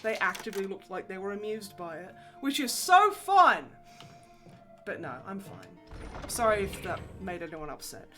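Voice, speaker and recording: Bright-voiced, sweary woman streamer. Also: medium pitch, brisk, soft background music. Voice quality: sweary, laughing, animated storyteller. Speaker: livestream host. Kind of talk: casual chat while gaming.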